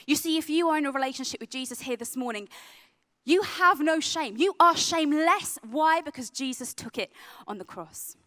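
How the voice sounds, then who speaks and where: A young adult woman who works with youth, giving an earnest sermon that drops to a soft, hushed tone on heavy points. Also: on the high side. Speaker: youth worker and speaker. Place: event venue.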